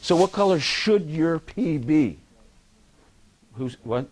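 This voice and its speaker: A male lecturer speaks to a university class in a lively, animated voice that sits a little high. He keeps things loose, teasing students and throwing questions out to the room. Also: slow. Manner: lively, joking, quizzes the audience. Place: lecture hall.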